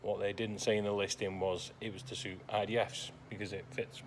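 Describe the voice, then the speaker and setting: A man's voice: on the low side, little pitch movement, brisk, slight background noise. Dry, sarcastic man in a workshop. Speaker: classic car restorer. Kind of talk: workshop vlog narration.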